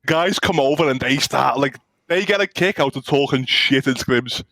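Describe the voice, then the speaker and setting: A man's voice: medium pitch, normal speed, a bit bright, no echo. Rambling man, slangy guest talk. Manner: rambling, loose, heavy slang and swearing. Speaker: pro player guest. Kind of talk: casual esports chat.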